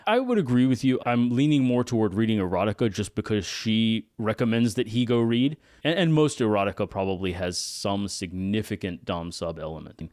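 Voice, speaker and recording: Low-voiced, frank man on a podcast. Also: animated, brisk, few pauses, a little mellow, no echo, studio quality. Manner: frank and opinionated, often adds "right?". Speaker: podcast co-host. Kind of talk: casual conversational podcast.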